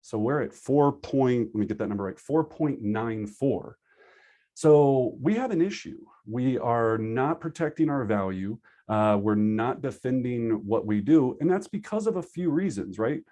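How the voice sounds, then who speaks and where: A man teaching a live online class for real estate agents over a video call, energetic and conversational, acting out his students' excuses. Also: mid-range voice. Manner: acts out agents' excuses in quick asides. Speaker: real estate sales trainer.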